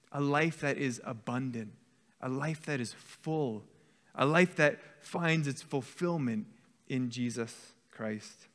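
A man in his forties preaching a sermon to a church congregation in a conversational way, often checking in with "okay?". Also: a little high. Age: 40s. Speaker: pastor. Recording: church hall with long reverb.

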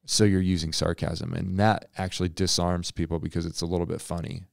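A man's voice: sits low, flat delivery, brisk, creaky, dry recording, clean studio sound. A man co-hosting a church podcast in a casual, thoughtful way, with fillers and self-deprecating humor. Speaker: pastor and podcast co-host.

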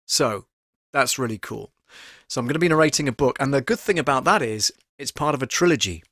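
Man, voice actor, casual live-stream lesson, mid pitch, dry studio sound. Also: fairly quick, no room sound. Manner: chatty and animated, with many fillers. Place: home studio booth. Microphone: studio microphone at close range.

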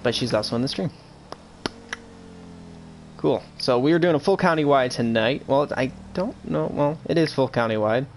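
A man's voice: mid-range voice, moderate pace, long pauses, a little hiss or hum. Casual rambling young man streaming. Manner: rambling, casual, swears freely. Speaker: streamer playing a police officer. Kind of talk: casual live-stream chat during police role-play.

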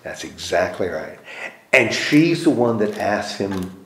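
With a low-ish voice, big pitch swings, and an unhurried pace, a man leads a group Bible study in a church meeting room. He puts questions to the group and repeats their answers, and the recording has a roomy echo.

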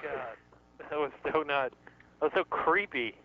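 A man's voice: fairly high pitch, expressive, unhurried. A man from New York co-hosting a podcast in casual chat, rambling with lots of fillers and restarts. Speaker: podcast co-host. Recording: dull lo-fi sound with faint noise.

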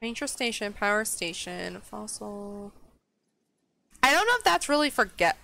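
A woman streamer giving casual commentary on her game, talking to herself and often breaking into excited squeals and exclamations. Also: mid-range voice, a little slow, vocal fry.

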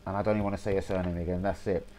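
A young man, hosting a football channel, reading out viewer shout-outs in a chatty, sweary way and stumbling over names. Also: low-pitched, flat delivery, very fast.

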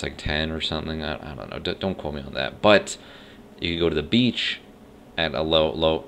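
A man's voice: very deep voice, fairly bright tone, a little hiss or hum. A man giving casual gameplay commentary, rambling and unsure of himself as he thinks aloud. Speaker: let's play host. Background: faint game music.

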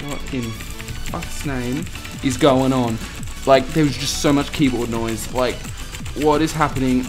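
A man giving casual, jokey let's-play commentary, swearing freely and reading lines aloud in mock-dramatic bursts while typing on a loud mechanical keyboard. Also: mid-range voice. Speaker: gaming YouTuber. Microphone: desk mic beside a loud mechanical keyboard.

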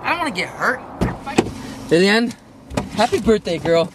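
A man's voice: high-pitched, big pitch swings, normal speed, noisy background. A man vlogging casually, upbeat and laughing often. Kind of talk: casual vlog narration. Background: loud background music.

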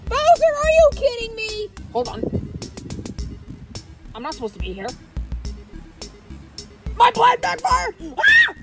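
Give me an excitable woman yelping through a comic toy video, high and lively. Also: slow, pauses often, over loud music. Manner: excitable, jokey, yelps a lot. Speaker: toy video creator voicing characters. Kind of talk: comedic toy-play voice acting.

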